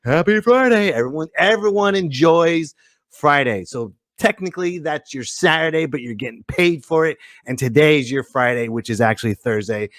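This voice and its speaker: A male podcast host opens his show with a rambling, joking monologue and animated energy. His voice sits a touch high and sounds close and dry. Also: moderate pace, dry recording. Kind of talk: casual comedic podcast monologue.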